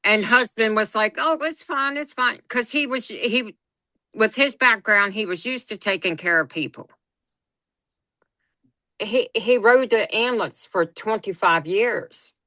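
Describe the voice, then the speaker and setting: Bright, animated middle-aged woman. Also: medium pitch, a little slow, no room sound. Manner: animated storyteller who acts out quotes. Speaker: guest sharing her experience as a patient. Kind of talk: casual group discussion.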